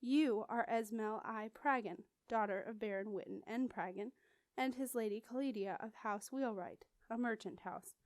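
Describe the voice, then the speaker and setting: A woman's voice: on the high side, normal speed, darkish tone, no echo, close to an everyday voice. Sandry, a woman reading as a bold noble girl. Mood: haughty.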